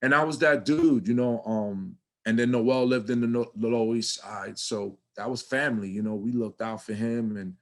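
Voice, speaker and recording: Middle-aged man, New York accent, lively swearing storyteller, casual interview guest. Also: mid-range voice, normal speed, hardly any pauses. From New York City. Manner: animated, swears freely, acts out his younger self.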